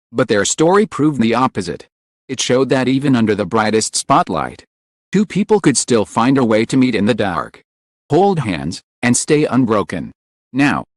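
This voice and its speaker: Man narrating with a swooping, lively pitch. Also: no echo, studio quality. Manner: solemn, lingering emotional phrasing. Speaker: channel narrator. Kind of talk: scripted dramatic narration.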